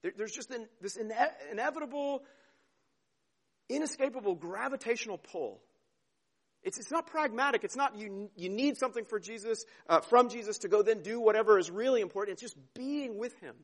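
Preaching with lively intonation and a fairly quick pace, this earnest pastor has a fairly high male voice. His sermon moves between tender near-whispers and ringing emphasis, and emotion makes him trip over and repeat his words.

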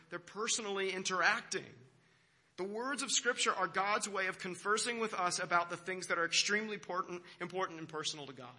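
A man's voice: sits high, sharp tone. A young American man, a pastor, giving a conversational sermon full of self-deprecating stories and restarts. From United States.

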